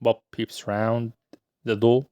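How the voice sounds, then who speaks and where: A man reading out the stage directions of a play in a flat, low manner. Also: takes it slowly, smooth, no room sound, studio quality. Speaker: reader.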